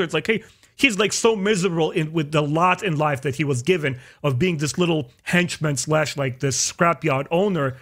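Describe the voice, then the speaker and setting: A man hosting a podcast, chatting casually and opinionatedly, his pitch jumping up for emphasis. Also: a little fast. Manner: opinionated, animated, jumps into high pitch for emphasis. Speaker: podcast host. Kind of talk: casual chat.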